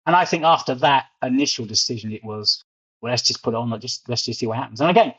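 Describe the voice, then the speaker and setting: A middle-aged Englishman with a London accent tells stories as an interview guest, often repeating words as he warms up. His mid-range voice is husky, a bit bright and quick, heard through muffled lo-fi audio.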